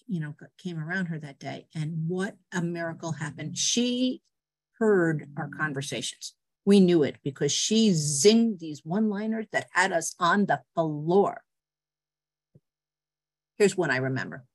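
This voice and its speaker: A middle-aged woman telling personal stories on a video call, animated and laughing often. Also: sits low, moderate pace. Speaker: guest speaker. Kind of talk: personal storytelling.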